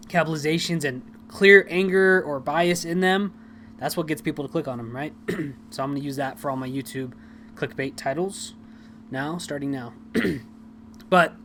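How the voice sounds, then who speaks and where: Young male podcast host, slightly high voice, casual and rambling, faint hum behind. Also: fairly bright tone. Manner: chatty, self-deprecating, rambling with many fillers. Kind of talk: casual political commentary.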